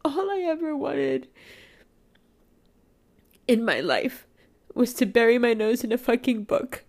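A woman's voice: fairly high pitch, lively intonation, measured pace, gravelly, a little mellow. A woman in a candid personal monologue, emotional and raw, swearing freely, laughing and tearing up by turns.

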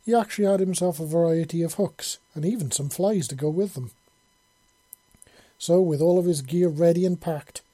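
Mellow, husky male storyteller. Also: a little high, dry recording. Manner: relaxed, with small slips and self-corrections. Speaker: narrator. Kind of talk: storybook narration.

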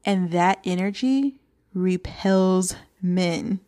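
A woman's voice: on the low side, drawn-out words, mellow. A young adult woman hosting a solo podcast, talking earnestly and coaching her listeners, sometimes dropping to a whisper for emphasis. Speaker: podcast host. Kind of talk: solo podcast talk to single moms.

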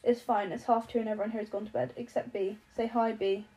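Woman doing a sleepy dry young guy, mellow. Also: on the high side, fairly even intonation, quick pace, natural voice, poor audio.

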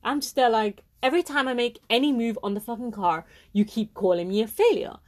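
A woman's voice: fairly high pitch, fairly quick. Ranting young woman. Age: 20s. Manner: heated, swears often, repeats herself for emphasis. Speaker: podcast host. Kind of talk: angry personal rant.

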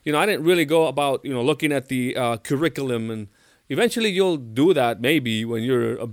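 A man's voice: mid-range voice, brisk, no room sound. Man interviewing, dry close sound. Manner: thoughtful, hesitant with fillers. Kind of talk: conversational interview.

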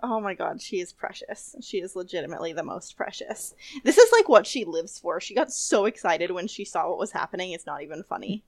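A young woman co-hosting a podcast, recapping a TV episode in casual chat, animated, laughing often and swearing now and then. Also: lowish voice, fairly quick, few pauses, no room sound. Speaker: podcast co-host.

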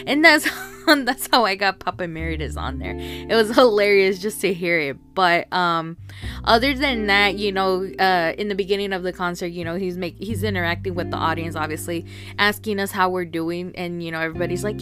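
A woman's voice: mid-range voice, normal speed, music in the background. A woman hosting a casual solo podcast, rambling with many fillers and frequent laughs. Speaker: podcast host.

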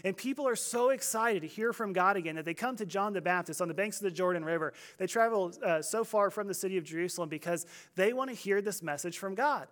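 Pastor type, man, high voice, chatty sermon with light humor. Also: fast talker, few pauses, fairly bright tone. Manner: conversational storytelling with humor.

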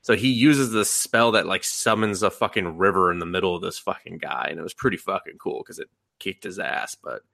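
A man's voice: low-pitched, fairly quick, vocal fry, few pauses, no echo, studio quality. A young man co-hosting a podcast, casually recapping an anime with lots of swearing and acted-out reactions. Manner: animated, profane, acts out reactions in voices. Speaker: podcast co-host.

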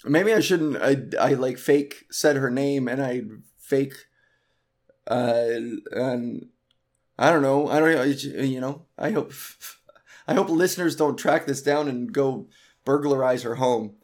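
A man's voice: mid-range voice, slow, a little mellow. A man hosting a podcast, ranting casually and profanely about an exasperating travel story, heavy with swearing. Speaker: podcast host.

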